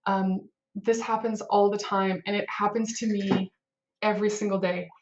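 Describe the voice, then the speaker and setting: A woman's voice: mid-range voice, level tone, moderate pace, lo-fi sound. A woman who runs a web team, giving casual advice to camera in a rambling style, full of fillers and acted-out moments of inner panic. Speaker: head of a web development team.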